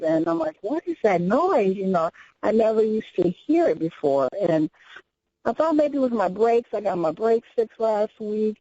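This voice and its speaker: A woman's voice: mid-range voice, mellow, dry recording. Polite woman caller on a muffled line. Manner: polite, uncertain, describes things haltingly. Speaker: radio show caller. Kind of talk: calling in to a radio show. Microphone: telephone. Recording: muffled phone call on radio.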